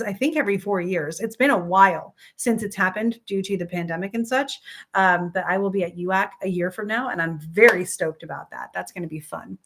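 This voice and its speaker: An upbeat woman hosts a relaxed live stream and teaches astrology in a friendly, talkative voice of middle pitch. She answers viewers by name as she explains, with plenty of ums and easy laughter. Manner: chatty, upbeat, reads out viewer comments, frequent ums and laughs. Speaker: astrology teacher and livestream host.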